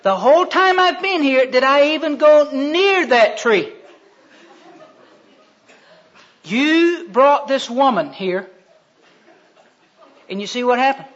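A man voicing Adam as an aggrieved first man loudly pleading his innocence, in a dull lo-fi recording. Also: very high voice, lively intonation, brisk, gravelly, pauses often, pitched above the performer's own voice, exaggerated voice. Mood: protesting.

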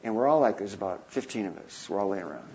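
Husky man in his fifties telling stories. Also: on the low side, fast, highs cut off. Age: 50s. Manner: animated anecdote-telling, acting out quoted voices. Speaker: missionary. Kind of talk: storytelling talk.

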